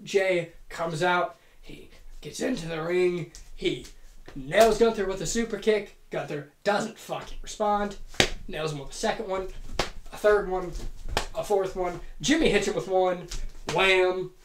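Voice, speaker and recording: Profane, excitable woman in a roomy echo. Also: lowish voice, background noise. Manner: profane, excitable, rapid-fire comic storytelling. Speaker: host. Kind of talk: comedic fantasy wrestling booking monologue.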